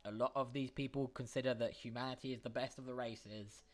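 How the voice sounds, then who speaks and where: A man's voice: medium pitch, fairly even intonation, a little fast. A man narrating as game master, explaining rules patiently.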